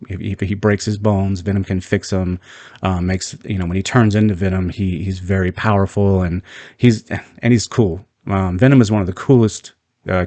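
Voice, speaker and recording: A man's voice: sits low, darkish tone, dry recording. A man hosting a casual video review, talking loosely with many fillers and restarts. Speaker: video host reviewing a movie trailer.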